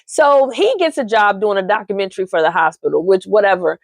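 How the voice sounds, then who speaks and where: A woman recapping a soap opera in casual chat, sassy and chatty with lots of animated asides. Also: mid-range voice, a little fast, vocal fry, few pauses, dry recording.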